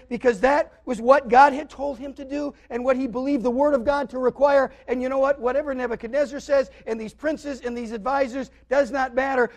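A man with an extremely high-pitched voice preaches a sermon, animatedly retelling a scripture story and acting out its characters. His volume swings between loud and quiet.

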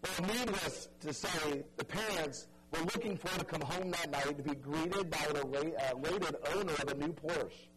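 A man preaching a sermon, telling a story dramatically and pleading earnestly with his listeners, dropping soft and stretching key words for emphasis. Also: on the high side, normal speed, hardly any pauses, over a noisy crowd, low-quality recording. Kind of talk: evangelistic sermon.

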